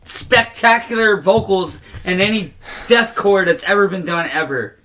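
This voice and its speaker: A young man co-hosting a podcast, talking excitedly about metal music in casual chat, swearing and emphatic. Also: high-pitched, measured pace, a little hiss or hum, low-quality recording. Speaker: podcast co-host.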